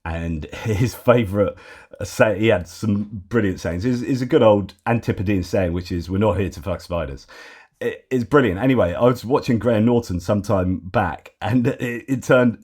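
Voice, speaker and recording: A man's voice: fairly low pitch, moderate pace, darkish tone. A man hosting a casual news commentary, rambling and digressing with many fillers and restarts.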